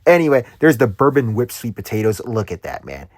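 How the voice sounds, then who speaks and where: A man narrating a casual restaurant food review in an excited, gushing way, with many fillers. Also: mid-range voice, brisk, dry recording, studio quality. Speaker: food vlogger.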